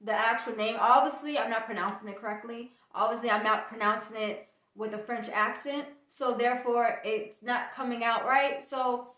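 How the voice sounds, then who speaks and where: Woman vlogger, animated storyteller, higher voice, echoey room, off-mic. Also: normal speed, recorded from a distance. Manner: animated storyteller, acts out quoted dialogue. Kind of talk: casual storytime vlog.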